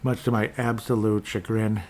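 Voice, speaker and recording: Rambling man with a low voice. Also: flat delivery, normal speed, darkish tone. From Minnesota. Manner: rambling, sarcastic, frequent restarts. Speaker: sports podcast host. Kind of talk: casual sports chat.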